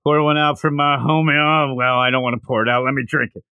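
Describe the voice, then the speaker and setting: A boozy, rambling drunk , as a man puts him on, talking over his wine. His voice is bright and forward, recorded close and dry. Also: mid-range voice, steady tone, fast, clear, resonant tone, no room sound. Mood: tipsy.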